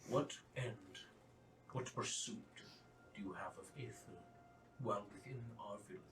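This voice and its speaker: A man's voice: lowish voice, a little slow, natural voice. A man voicing a stern commanding king who questions visitors in a formal, grave way, recorded roomy from a distance. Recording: roomy, distant mic, faint hiss.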